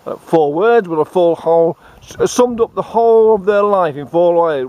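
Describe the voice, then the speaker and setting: A man with an Australian accent delivering a satirical monologue, giving deadpan, sarcastic mock advice outdoors. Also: high voice, normal speed, hardly any pauses, dull audio.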